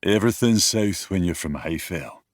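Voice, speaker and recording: An actor playing a charming, brooding young wolf-shifter king in an audiobook, speaking in an easygoing, teasing way that turns quiet and wistful. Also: low-pitched, normal speed, dry recording, studio quality, lightly acted. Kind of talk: dual-narration audiobook acting. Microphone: close studio mic, dry.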